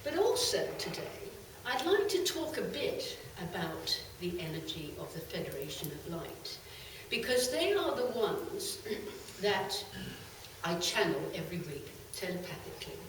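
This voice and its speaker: A middle-aged woman tells stories to a live audience, her pitch swinging high and low. Her voice reaches the microphone from a distance and rings around a large, very echoey hall. A faint noise hums underneath. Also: unhurried. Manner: lively, animated storytelling with bursts of laughter. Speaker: channeler giving a talk. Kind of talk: storytelling talk to a live audience.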